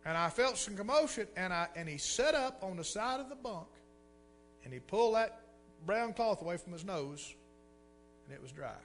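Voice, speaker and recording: A middle-aged preacher, telling a story in a folksy, animated way and repeating words for effect. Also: male voice, high-pitched, moderate pace, soft background music. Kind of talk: sermon storytelling.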